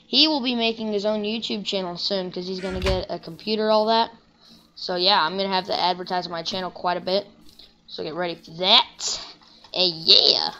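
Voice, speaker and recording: A young woman giving rambling, casual commentary while playing a video game, breaking into excited shouts now and then. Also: on the low side, lo-fi sound, slight background noise. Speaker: gaming channel host.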